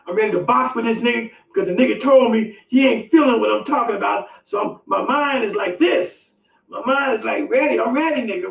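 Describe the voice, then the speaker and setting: A man vlogging, telling a comic personal story with dramatic swings between loud outbursts and hushed asides. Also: high-pitched, creaky, lo-fi sound. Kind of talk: animated storytelling monologue. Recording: echoey room, distant mic, faint music.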